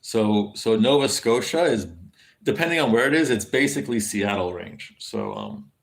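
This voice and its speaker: A man's voice: on the low side, expressive, normal speed, gravelly. A man chatting casually on a livestream, rambling and swearing freely, with many fillers and restarts as he answers viewers. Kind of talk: casual stream chat.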